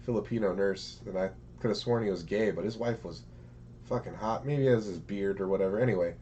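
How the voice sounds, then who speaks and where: Co-host, man from the States, low voice, slightly muffled mic with faint hum. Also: a little fast. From United States. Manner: relaxed, lots of filler words. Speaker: podcast co-host. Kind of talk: casual chat.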